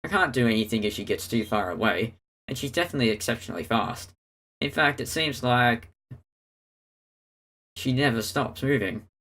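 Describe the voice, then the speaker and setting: A man reading a visual novel aloud in a steady storytelling manner, narrating and speaking the hero's lines. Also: mid-range voice, moderate pace, long pauses. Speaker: let's player.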